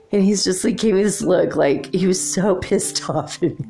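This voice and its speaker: A woman's voice: fairly low pitch, moderate pace, gravelly, dark tone, soft background music. A woman telling a personal story in a casual, rambling way, with many fillers and frequent laughs.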